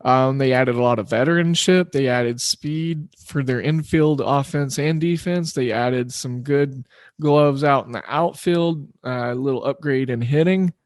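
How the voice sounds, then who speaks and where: A man's voice: mid-range voice, unhurried, no room sound, studio quality. A man hosting a sports betting podcast, talking loosely and in a rambling, self-deprecating way. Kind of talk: casual solo podcast talk.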